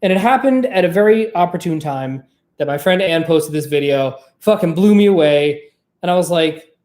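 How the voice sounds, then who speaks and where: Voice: mid-range voice, expressive, moderate pace, darkish tone, echoey room. Rambly vlogger w a singer's voice, swears a lot, just chatting to the camera. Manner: trained singer's voice. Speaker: vlog host. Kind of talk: casual chat to camera.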